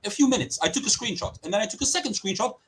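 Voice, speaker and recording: A man's voice: high-pitched, lively intonation, rapid-fire, a bit bright, rough recording. A man presenting evidence in a heated online debate, passionate and indignant as he speaks. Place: lives in Greece.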